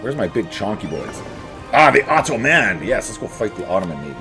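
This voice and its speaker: A man's voice: fairly low pitch, very animated, a little fast. A man giving casual, jokey commentary while playing a strategy game, chatting to his units as he goes. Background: faint game music.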